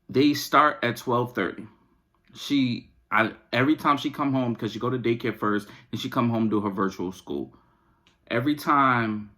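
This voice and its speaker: A man's voice: lowish voice, fairly bright tone. A man hosting a podcast, venting in a casual, exasperated, slangy rant. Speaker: podcast host.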